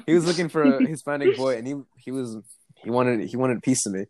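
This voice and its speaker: A man's voice: medium pitch, quick pace, over a noisy crowd. A young man casually telling a work story, swearing freely and acting out the other people in it. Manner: laid-back storyteller, swears freely, acts out voices. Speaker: co-host telling work stories. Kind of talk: casual chat.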